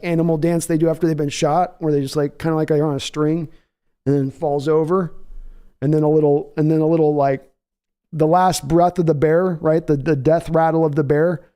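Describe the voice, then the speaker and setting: A man's voice: fairly high pitch, fairly even intonation, normal speed, dark tone, smooth. A man hosting a live podcast, chatting casually and calling plays, rambling with many fillers. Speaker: podcast host. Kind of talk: casual live chat with play-by-play.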